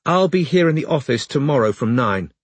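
A man's voice: mid-range voice, animated, dry recording, pitched above the performer's own voice, natural voice. A man doing a cautious young woman detective. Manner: cautious, polite, measured.

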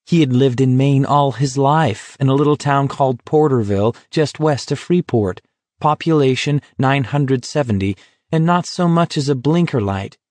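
A man reading a novel aloud in a steady, even storytelling voice. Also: medium pitch, moderate pace, no echo. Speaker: audiobook narrator. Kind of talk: scripted narration.

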